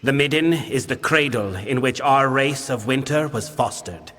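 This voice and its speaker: The mood is solemn as an actor, playing a weary ancient winter fae king in a video game, speaks in a grave, formal, commanding way. His mid-range voice has lively intonation at a moderate pace and stays close to an everyday voice. There's background noise, long reverb and game music.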